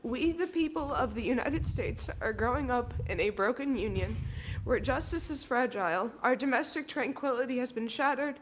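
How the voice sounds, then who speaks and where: A woman's voice: a little high, animated, moderate pace, slight background noise. A young woman student, emotional and near tears, earnestly reading a prepared statement at a public meeting. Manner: earnest, declamatory. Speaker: student speaker at public comment.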